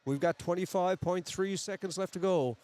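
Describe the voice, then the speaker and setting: A man's voice: high-pitched, normal speed, a little mellow. A man giving chatty, folksy live play-by-play of a local hockey game from a community arena. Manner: chatty, folksy asides between plays. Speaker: play-by-play commentator.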